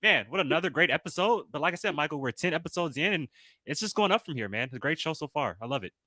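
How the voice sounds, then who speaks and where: A man's voice: on the high side, animated, fast talker, pushed and bright, no echo. A man hosting a podcast, upbeat and chatty as he reads out listener comments. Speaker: podcast host. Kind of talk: casual podcast chat.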